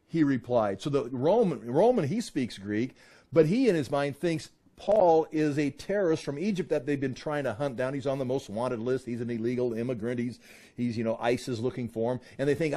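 Man, bible teaching, casual explaining, animated, warm dark tone. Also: mid-range voice, moderate pace. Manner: reads scripture aloud, then explains casually; animated, voices the crowd in loud bursts.

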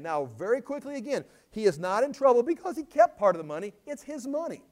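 High-voiced man preaching conversationally. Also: expressive, brisk, hardly any pauses, a little mellow. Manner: conversational preaching, quoting scripture in acted voices; repeats words when restarting. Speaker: pastor. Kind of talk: sermon.

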